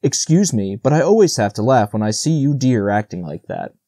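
A man's voice: medium pitch, very animated, fairly quick, warm tone, no room sound, clean studio sound. A man voicing a cheerful, teasing male woodpecker in a storybook reading. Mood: gleeful. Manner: gleeful, teasing.

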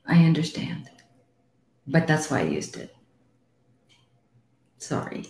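Blunt, low-voiced woman psychic host. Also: big pitch swings, slow pace, background noise. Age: middle-aged. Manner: blunt and frank, swears, calls callers sweetie. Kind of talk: live call-in reading show. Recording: roomy echo.

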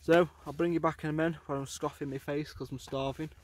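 A man talks casually to his camera on a blustery coastline. His voice stays level and flat, with few rises or falls. He rambles along, padding his sentences with fillers. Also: a little high, fast talker, a little hiss or hum. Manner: chatty, rambling, with many fillers. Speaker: outdoor vlogger. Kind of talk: casual vlog chat. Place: outdoors on a windy coast.

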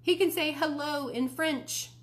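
Woman putting on an eager little boy, high and bouncy, storybook reading. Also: measured pace.

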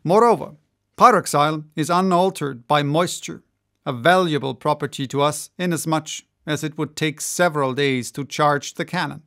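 A composed, lecturing club president with a slightly high, gravelly voice, read by a man. He lays out technical matters patiently and evenly, like a storybook character holding the floor. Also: normal speed. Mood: calm explaining. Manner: calm, explanatory, lecturing. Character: confident male president of a gun club. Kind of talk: audiobook character reading.

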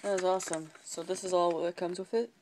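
A woman's voice: lowish voice, fairly even intonation, quick pace, a little mellow, slight background noise. A woman hosting a card unboxing video, calling out each card name one by one and sometimes dropping to a whisper. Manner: calls out card names one by one, slips into whispering. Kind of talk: card pack opening, listing cards.

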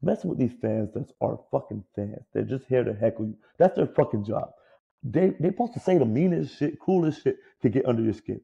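A man formerly in pro ball talks fairly quickly in a creaky, mid-range voice with a breathy edge, and the recording's highs are cut off. Co-hosting a sports podcast, he gives casual opinions full of profanity. He's animated and makes fun of players with fake whiny voices.

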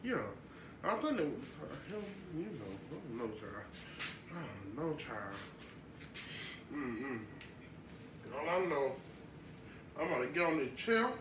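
A woman's voice: sits low, big pitch swings, slow, long pauses, noisy background. A woman vlogging at home into a phone camera, chatting casually to her viewers and sounding congested from sinus trouble. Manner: chatty, talks to viewers as y'all. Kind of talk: casual vlog chat to viewers.

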